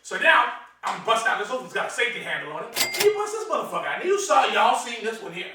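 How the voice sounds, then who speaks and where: A man's voice: very high-pitched, huge pitch swings, quick pace. A man doing a profane comedic monologue to camera, brash and boastful, swearing constantly and chuckling often. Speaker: comedic host showing his knives. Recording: echoey room, mic far off, faint noise.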